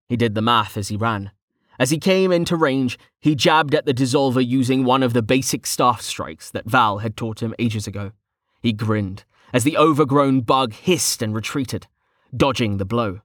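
A man's voice: medium pitch, normal speed, no echo, clean studio sound. Man narrating a fantasy audiobook. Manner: steady storytelling.

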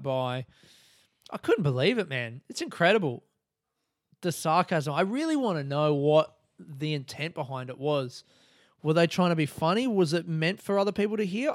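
Man, comedian, solo podcast rant, sweary, mid-pitched voice, dry close sound. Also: dry recording. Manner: sweary, ranting, animated retelling. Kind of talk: casual solo podcast storytelling.

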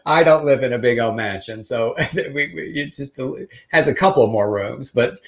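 A man's voice: medium pitch, normal speed. An older man, co-hosting a casual news chat show and reading quotes in a mocking tone. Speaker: podcast co-host.

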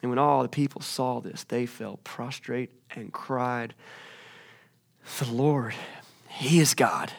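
A young adult man preaching a sermon as a story, swinging from loud, excited bursts to hushed scripture reading. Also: medium pitch, takes it slowly, creaky, long pauses.

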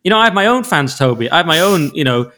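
A man's voice: fairly high pitch, sing-song, fast talker, pushed and bright. A man co-hosting a podcast in casual chat, joking and bantering wryly. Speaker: podcast co-host.

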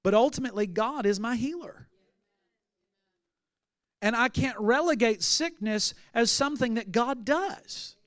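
A man with a very high-pitched, somewhat bright voice speaks unhurriedly and pauses often, recorded clean in a studio with no room sound. He's a pastor preaching a sermon, telling stories, acting out the voices of the people in them, and building to emphatic outbursts.

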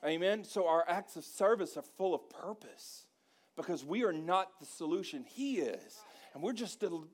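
A man preaching a sermon to his congregation, his voice sitting a bit high for a man. He swings between quiet, folksy asides and loud, emphatic call-and-response. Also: lively intonation, moderate pace. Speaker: pastor.

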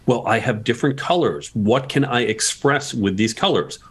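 A man's voice: mid-range voice, normal speed, slightly rough. A man guest on a podcast interview, explaining communication tips and asking rhetorical questions as he goes.

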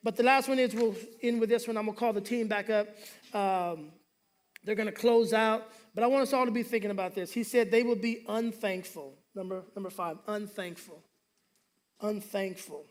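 A man's voice: high voice, moderate pace. A male pastor preaching a sermon, telling humorous stories and calling for responses from the congregation.

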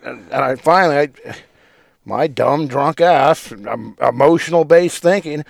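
Gravelly man telling stories. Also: a little high, normal speed, no room sound, studio quality. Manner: profane, rambling, laughs mid-story. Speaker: podcast co-host. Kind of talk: casual storytelling chat.

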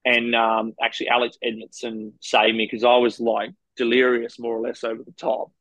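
A man's voice: mid-range voice, completely flat delivery, normal speed, a bit bright, dry recording, poor audio. An Australian man, a professional cyclist, frankly recounting race stories in a rambling, casual interview. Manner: rambling, frank anecdotes with quoted dialogue.

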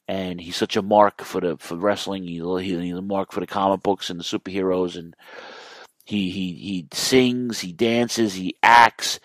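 A man with a lowish voice hosts a podcast, talking casually and from the heart, stopping and restarting his sentences. He sounds like he is in his thirties. The recording is dry and close, with no room sound. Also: no room sound. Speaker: podcast host. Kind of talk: casual chat.

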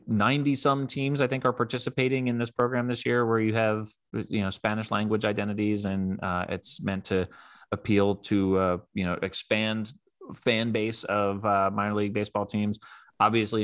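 Male podcast host, low voice, friendly interviewer, dry sound. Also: flat delivery, moderate pace, fairly bright tone, clean tone, no room sound. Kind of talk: casual interview chat.

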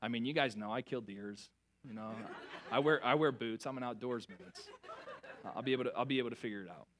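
A young adult man preaching a sermon, telling a self-mocking story with lively, animated delivery before reading scripture. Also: mid-range voice, fast talker, a crowd in the background. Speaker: pastor.

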